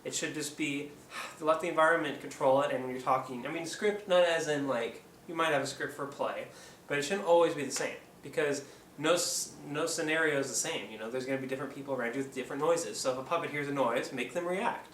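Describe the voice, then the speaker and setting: A man from Oregon walks through puppetry tips in a loose, hesitant way, stopping often for ums. He sits back from the mic in a roomy space, with a faint hum behind him. His pitch sits in a middle range. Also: fast, fairly bright tone. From Oregon, USA. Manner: rambling, hesitant, lots of ums. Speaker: puppeteer, channel host. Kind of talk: casual how-to tutorial. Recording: echoey room, distant mic, faint background hum.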